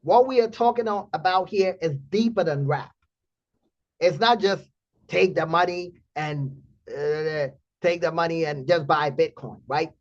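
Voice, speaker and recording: A man hosting a trading community stream, telling a story in blunt, animated casual talk with profanity. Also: on the high side, unhurried, muffled recording.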